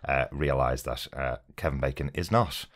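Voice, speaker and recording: Very deep-voiced man chatting on a podcast. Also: moderate pace, slight background noise. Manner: enthusiastic, frequent fillers. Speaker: podcast host. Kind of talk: casual chat reviewing a film. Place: podcast recording.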